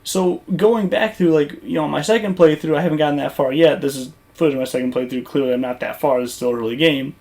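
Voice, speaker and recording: A gaming YouTuber talking casually over gameplay footage, rambling and conversational with lots of fillers and restarts. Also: male voice, on the high side, fast, creaky, hardly any pauses, a little mellow.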